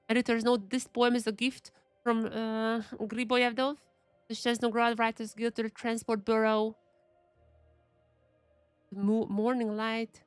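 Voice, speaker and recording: A woman's voice: a little high, little pitch movement, measured pace, clean tone, no echo, soft background music. A young woman streaming a game, chatting casually and thinking aloud as she reads the game's text. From Eastern Europe. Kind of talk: casual gameplay commentary.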